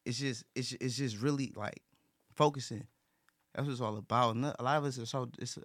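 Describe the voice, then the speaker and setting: Gravelly man talking earnestly, dry room. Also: medium pitch, no room sound. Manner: earnest, repetitive, with frequent restarts and profanity. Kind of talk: casual talk.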